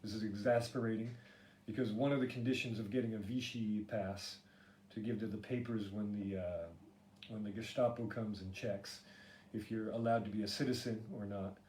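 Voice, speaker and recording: A man's voice: on the low side, fairly even intonation, moderate pace, a little mellow. A middle-aged man hosting a solo podcast, rambling with filler words, sarcastic and swearing freely. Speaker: podcast host. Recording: echoey room with faint ambient noise.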